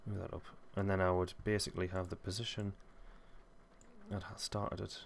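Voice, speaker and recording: A man hosting a casual software tutorial, rambling and correcting himself as he thinks aloud. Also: sits low, little pitch movement, normal speed, creaky, a little hiss or hum. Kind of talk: casual screen-recorded tutorial.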